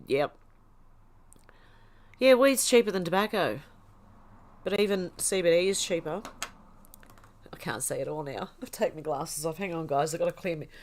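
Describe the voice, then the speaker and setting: A woman's voice: lowish voice, fairly bright tone. A woman hosting a casual livestream, reading chat comments aloud and laughing often. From Australia.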